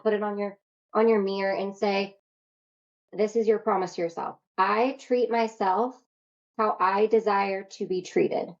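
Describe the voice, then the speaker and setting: Energetic, casual woman self-love coach. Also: medium pitch, highs cut off. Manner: energetic, casual, swears freely. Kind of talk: workshop talk to an online audience.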